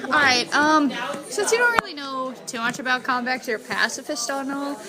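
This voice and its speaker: A woman's voice: sits high, fairly quick. A woman narrating a tabletop game as game master, casual and full of fillers. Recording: noisy room with crowd chatter.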